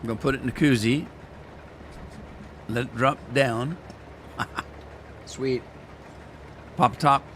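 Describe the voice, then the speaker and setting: Chatty gamer man clearing his throat. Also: mid-range voice, slow pace, pauses often, fairly bright tone, slight background noise. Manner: rambling, chatty, folksy. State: throat irritated, clearing throat often. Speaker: gaming streamer. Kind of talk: casual chat to live viewers while playing.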